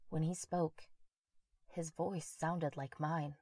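Low-voiced woman narrating a horror story. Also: fairly even intonation, slow, mellow, dry recording.

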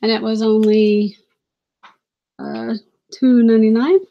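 A woman's voice: a little high, level tone, takes it slowly, vocal fry, lo-fi sound, a little hiss or hum. A woman in her thirties or forties hosting a casual live stream as a reseller, chatty and apologetic, laughing often and reading out viewer comments. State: briefly out of breath.

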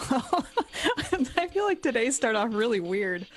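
A woman's voice: on the high side, very animated, slow pace, faint music behind. A woman introducing her character in a tabletop game, giggly and hesitant with many fillers. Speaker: player. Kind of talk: casual actual-play chat.

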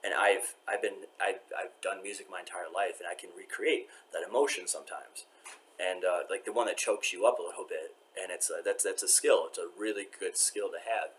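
A man's voice: low voice, steady tone, fairly quick, fairly bright tone. A man talking to his camera while waiting in a courthouse, rambling with many restarts and often trailing off to a mutter. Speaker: vlogger. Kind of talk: rambling vlog monologue.

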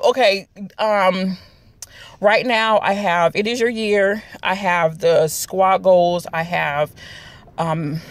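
A woman's voice: mid-range voice, steady tone, slow pace, dry recording. A woman, chatting casually to her viewers in a rambling vlog. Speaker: vlogger. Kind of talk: casual chat to camera.

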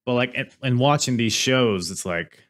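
A man's voice: mid-range voice, animated, normal speed, a bit bright. A man co-hosting a podcast, recapping events with dry jokes in a casual chat. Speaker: podcast co-host.

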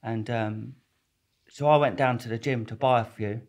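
A man's voice: mid-range voice, steady tone, normal speed, a little mellow. A young man, a podcast guest telling stories in a rambling, slangy way with plenty of swearing and restarts. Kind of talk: casual storytelling interview.

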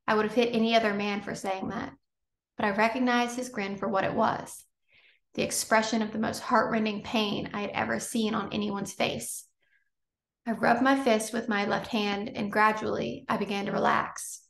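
Woman reading an audiobook, gravelly, roomy. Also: medium pitch, level tone. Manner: measured, unhurried reading. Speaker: audiobook narrator. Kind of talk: scripted audiobook narration. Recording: roomy echo.

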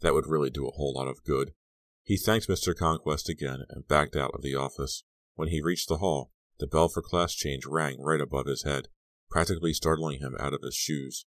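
A male audiobook narrator with an exceptionally deep voice reads in a steady, even way. The sound is close-miked and dry, with no room in it. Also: moderate pace, dry recording. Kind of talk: scripted narration.

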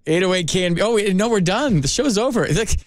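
Male sports radio host, loose and chatty, slightly high voice, dry studio sound. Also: lively intonation, no echo. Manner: loose, chatty, quick restarts. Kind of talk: casual radio chat. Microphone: studio microphone.

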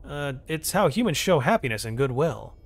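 A man putting on a friendly male human explorer, eager and apologetic. His voice sits higher than the narration and moves freely in pitch. This is storybook narration. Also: sing-song, moderate pace. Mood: earnest.

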